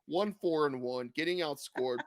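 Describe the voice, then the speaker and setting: A man's voice: fairly high pitch, moderate pace, no echo, clean studio sound. A man co-hosting a sports podcast, rambling and joking in a casual chat. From California. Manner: rambling, joking, many fillers. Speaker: podcast co-host.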